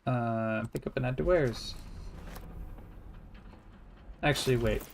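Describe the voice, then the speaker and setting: A man's voice: mid-range voice, slow, vocal fry, slight background noise. A man giving casual, rambling let's-play commentary, thinking aloud in a wry tone. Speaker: gameplay streamer.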